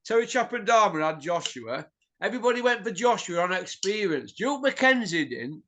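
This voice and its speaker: A man's voice: high-pitched, sing-song, normal speed, bright, forceful tone. Heated man ranting. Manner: blunt, heated, swears, tag questions. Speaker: boxing pundit host. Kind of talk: opinionated ranting chat.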